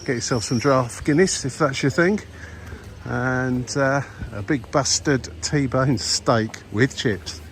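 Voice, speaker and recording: An older man with a husky voice from a cold, walking outdoors and commenting wryly on the sights, with many uhs. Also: mid-range voice, slow, slight background noise. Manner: rambling, wry, many ums and uhs. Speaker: vlogger. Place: outdoors in an old town street.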